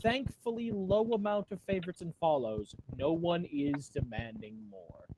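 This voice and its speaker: A man co-hosting with dry, deadpan put-downs. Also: on the high side, normal speed, background noise. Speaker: co-host. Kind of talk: casual comedic banter.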